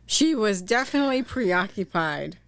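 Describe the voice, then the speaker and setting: A woman's voice: mid-range voice, expressive, normal speed. A woman co-hosting a podcast who chimes in with short remarks and finishes her partner's sentences. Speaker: podcast co-host. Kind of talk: casual chat.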